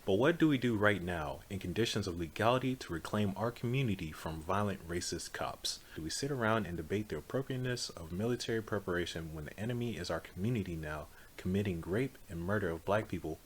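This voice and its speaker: Male reader, lowish voice, earnest and measured read-aloud, light hiss. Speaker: audiobook reader. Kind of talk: steady read-aloud of a political text.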